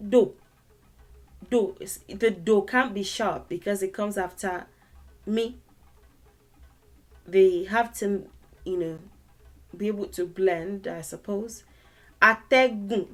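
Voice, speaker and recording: A woman gives an online language lesson at an unhurried pace. She repeats each word patiently and sings the tone syllables one by one. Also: medium pitch. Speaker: language teacher.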